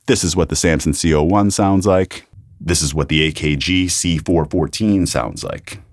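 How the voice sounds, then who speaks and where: Deep-voiced man testing studio mics. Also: normal speed, no room sound. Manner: repeats test phrases while checking levels. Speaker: YouTube host reviewing microphones. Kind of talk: casual gear review with mic tests. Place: home recording studio. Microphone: studio condenser microphone.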